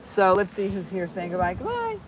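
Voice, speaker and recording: A woman's voice: mid-range voice, normal speed, fairly bright tone. A woman hosting a casual live stream outdoors, rambling and chatting while she reads viewer comments aloud. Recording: distant mic with faint background noise.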